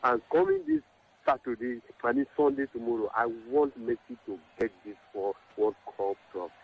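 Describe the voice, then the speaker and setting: A man's voice: brisk, slight background noise. A Nigerian man calling in to a sports radio show, talking emotionally in dramatic bursts. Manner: emotional, dramatic pitch swings. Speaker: caller. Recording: tinny phone line.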